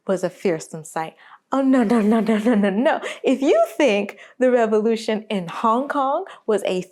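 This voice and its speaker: A woman's voice: on the high side, lively intonation, measured pace, darkish tone. A woman delivering a video essay in an emphatic, sarcastic way, full of rhetorical questions. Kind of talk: animated video essay commentary.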